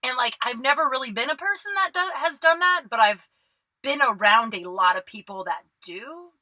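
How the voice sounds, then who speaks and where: A young woman tells a long, rambling story on her solo podcast, full of fillers and casual swearing, laughing at herself. Her voice is bright and forceful. She sits in a small closet, and the sound is close and dry, with no room echo. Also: high-pitched, expressive, moderate pace. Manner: rambling, profane, self-deprecating, many fillers. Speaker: podcast host.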